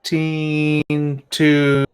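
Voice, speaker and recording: A man acting as game master, calmly making matter-of-fact rulings in a tabletop game. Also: on the high side, drawn-out words.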